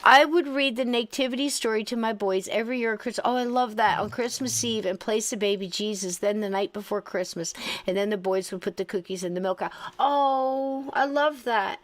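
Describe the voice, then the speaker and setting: A middle-aged woman hosting a podcast, telling stories in a casual, animated way and laughing through them. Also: on the high side, normal speed. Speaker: podcast host. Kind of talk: casual storytelling chat.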